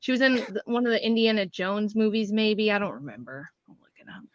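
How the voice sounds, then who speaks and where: A woman's voice: medium pitch, a little fast, no room sound, highs cut off. A woman chatting casually on a livestream, laughing often and drifting into tangents.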